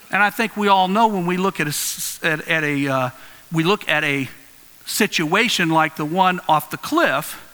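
Bright, high-voiced preacher in a reverberant hall. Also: male voice. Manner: earnest, conversational, animated storytelling. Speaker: pastor. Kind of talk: sermon.

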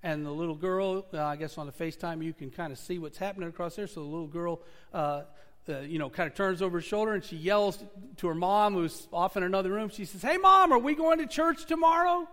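A man's voice: fairly high pitch, fairly even intonation, fast talker. A man preaching a sermon in a church sanctuary, telling stories earnestly and swelling and dropping his volume. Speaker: pastor. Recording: long reverb of a church hall.

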